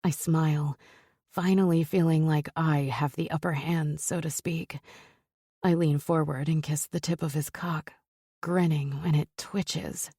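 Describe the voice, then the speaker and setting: A woman narrating a first-person romance audiobook in an intimate, breathy storytelling manner. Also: sits low, steady tone, a little slow, dark tone, dry recording, studio quality.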